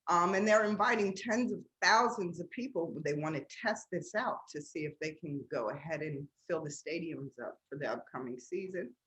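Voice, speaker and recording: A woman with a lowish voice runs through sports news as a co-host. She sounds lively and enthusiastic and speaks in a casual, conversational way. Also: normal speed, hardly any pauses, low-quality recording. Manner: enthusiastic, loud bursts of laughter.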